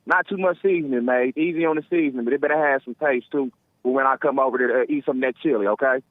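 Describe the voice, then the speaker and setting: A man's voice: mid-range voice, quick pace, no echo. Rambling man calling in on a tinny phone line. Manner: rambling, slangy, playfully teasing. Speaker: caller. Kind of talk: casual call-in chat.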